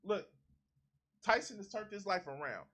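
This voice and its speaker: A man's voice: high voice, animated, moderate pace, pushed and bright. A man streaming a heated reaction to a clip, indignant and profane, mocking the people he is watching.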